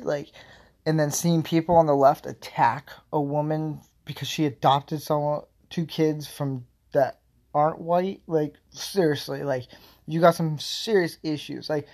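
Talk it out like a man with a fairly high voice ranting off the cuff, rambling with lots of filler words, blunt and swearing freely. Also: a little mellow. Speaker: vlogger giving political commentary. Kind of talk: casual opinion rant.

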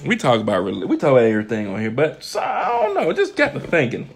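A young man co-hosts a podcast, telling stories in casual chat, laughing often and swearing freely. His mid-range, gravelly voice moves fast with huge pitch swings, over slight background noise.

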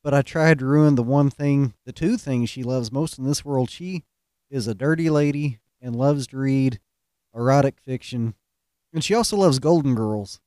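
Male host, relaxed joker, warm tone, dry close recording. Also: medium pitch, moderate pace, no room sound. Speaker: podcast host. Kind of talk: casual storytelling.

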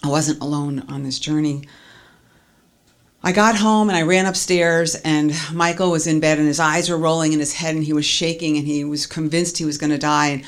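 A woman's voice: deep voice, steady tone, moderate pace. Earnest woman telling a personal story. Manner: earnest, strings events together with "and". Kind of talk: personal testimony.

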